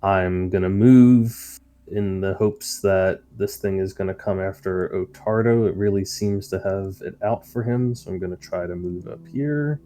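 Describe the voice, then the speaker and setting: Low, mellow-voiced man. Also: measured pace. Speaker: player. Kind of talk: tabletop game play.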